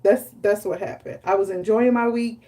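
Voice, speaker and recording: A young adult woman hosting a casual live stream about hair care, chatty and animated, acting out her stories. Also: mid-range voice, normal speed.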